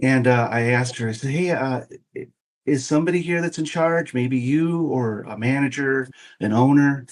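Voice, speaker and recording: Speaking at normal speed in a mid-range voice, a man in his fifties shares a long personal anecdote as a podcast guest. It's casual storytelling, energetic, with him impersonating the voices of those he quotes.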